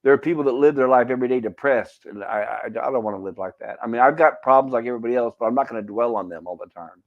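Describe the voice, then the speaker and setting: A man talks casually on a game stream, rambling from one aside to the next and often restarting his sentences. His voice sits at a middle pitch. It comes through a dull, lo-fi call. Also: quick pace. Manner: chatty, many restarts and asides. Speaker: chat-reading co-host on a game stream.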